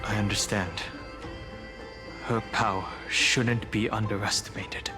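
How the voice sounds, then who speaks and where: An actor playing a calm, reserved young man, speaking in a measured, quiet and solemn way in a game cutscene. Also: lowish voice, natural voice. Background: game soundtrack music.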